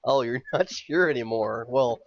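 A man's voice: medium pitch, moderate pace, muffled recording. A man hosting a podcast in casual chat, rambling and swearing, often stammering as he builds up steam. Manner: rambling, profane, stammers when worked up. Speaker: podcast host.

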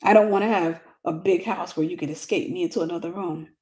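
Woman playing a clingy suitor, soft and coaxing, pitched down. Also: fast, lightly acted. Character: clingy adult man courting a woman.

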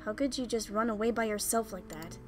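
A woman voicing a cold, stern young man in a game read-through, speaking quietly, curtly and flatly. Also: mid-range voice, fairly quick, faint music behind, close to an everyday voice. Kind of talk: reading game dialogue aloud.

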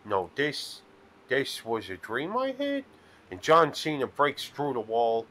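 A man's voice: medium pitch, huge pitch swings, slow pace, fairly bright tone. A man playing slot machines in a casino and giving playful commentary that drifts into rambling, absurd stories. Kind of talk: casual joking commentary.

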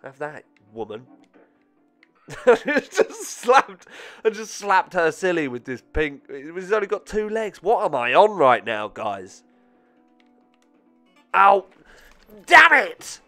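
A man giving excitable, self-mocking let's-play commentary with frequent swearing. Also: a little high, slow, faint music behind. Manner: excitable, swearing, laughing at himself. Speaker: gaming channel host.

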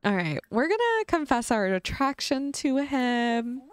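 A woman's voice: sits high, sing-song, a little slow, clear, resonant tone, no echo. A young woman casually chatting and giggling as she narrates her life-sim game for her channel. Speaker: gaming YouTuber. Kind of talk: casual Let's Play commentary.

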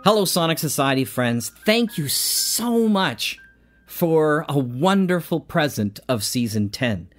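A man hosting an audio drama podcast, talking in an excitable way with frequent stammering restarts. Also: fairly high pitch, slow. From Canada. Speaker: podcast host. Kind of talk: audio drama acting and casual thanks.

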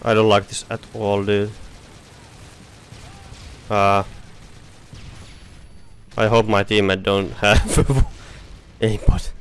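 Frustrated gamer guy, slow exasperated outbursts over faint game noise. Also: on the low side, flat delivery. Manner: frustrated, swearing, exclaiming in disbelief. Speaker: gamer streamer. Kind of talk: live gameplay commentary.

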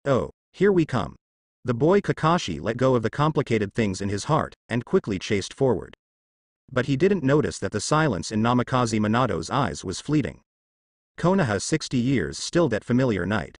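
Guy narrating a fan novel, even matter-of-fact read, pitch moves a lot, dry close mic. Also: moderate pace, no echo. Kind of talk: reading a translated web novel.

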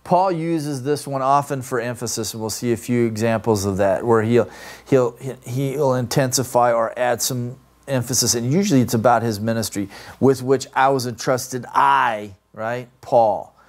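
A man's voice: medium pitch, normal speed, a little mellow. Man teaching a grammar class. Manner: explanatory, asks "right?" often. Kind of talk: classroom lecture.

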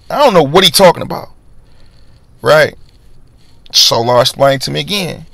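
A young man spins a casual storytime monologue in street slang, his voice gravelly and full of fry. He acts out other men's lines by pushing his voice higher. The sound is dry and close, with no room echo. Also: animated, moderate pace, long pauses, fairly bright tone. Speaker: vlogger.

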